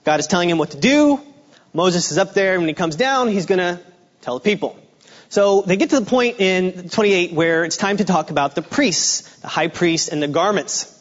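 A man giving a guest sermon in a relaxed, conversational way, with fillers and restarts. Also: high-pitched, normal speed, dull audio. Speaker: guest preacher. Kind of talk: sermon with a joke opener.

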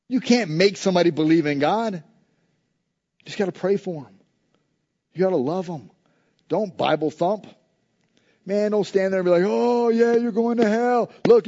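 Male pastor, high mellow voice, conversational sermon that swings from emphatic to hushed, slightly dull recording. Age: adult with a school-age son. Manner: conversational preaching, shifting between loud emphasis and soft low asides.

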